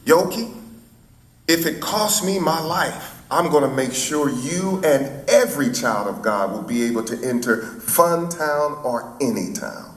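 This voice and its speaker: A man's voice: fairly high pitch, expressive, fairly bright tone, voice pushed up. A man playing a solemn, rousing preacher. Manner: oratorical, measured. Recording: echoey hall, faint ambience.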